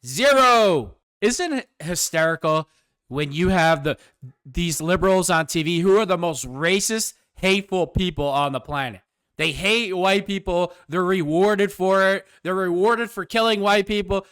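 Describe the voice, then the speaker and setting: A man's voice: high-pitched, unhurried, a bit bright, clear, resonant tone, no room sound, clean studio sound. A man hosting his own show, delivering a sarcastic, combative political commentary rant. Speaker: host.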